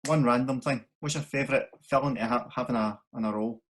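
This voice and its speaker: A Scottish man hosting a relaxed interview, with a mid-range voice. He speaks quickly and mostly answers with brief agreeing replies. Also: medium pitch, faint music behind. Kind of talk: casual interview.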